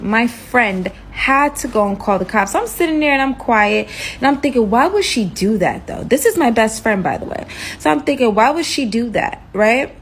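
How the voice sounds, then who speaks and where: A woman's voice: medium pitch, slight background noise, rough recording. A young woman casually telling a dramatic personal story, acting out the dialogue as she goes. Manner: animated, dramatic retelling with acted-out dialogue.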